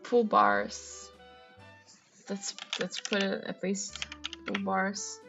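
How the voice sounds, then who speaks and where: Reading crossword clues aloud on a livestream, a woman muses over possible answers and fills her thinking with frequent, uncertain ums. Her mid-range voice is a little bright and carries vocal fry. Faint music plays behind a dull, lo-fi recording.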